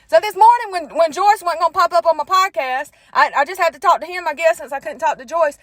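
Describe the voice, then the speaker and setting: A middle-aged woman telling a faith story in a sassy, animated way, talking straight to her listeners. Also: extremely high pitch, quick pace, dry recording. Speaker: faith vlogger. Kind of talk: casual testimony storytelling.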